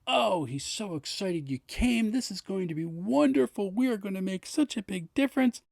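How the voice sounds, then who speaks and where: A gushing, eager cleric, as a man puts him on, in a storytold tabletop game. The voice sits a little above his usual pitch and lands lively and bright. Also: normal speed, gravelly, no room sound, clean studio sound, heavily acted. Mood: excited.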